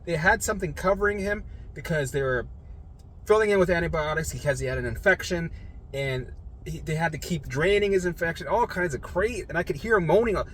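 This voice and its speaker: Young man, blunt casual storyteller, crisp bright tone, faint noise behind. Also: fairly high pitch, a little fast. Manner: blunt, swears freely, acts out voices of others. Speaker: storyteller sharing his recovery.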